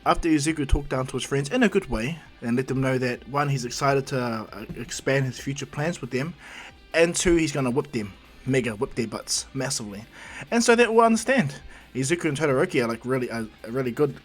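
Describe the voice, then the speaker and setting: A male host telling his own fan story in a casual, rambling way, full of ums and asides. His voice sits at an ordinary pitch for a man. A soft music bed plays behind him. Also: animated, brisk. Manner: rambling, with many fillers and side remarks.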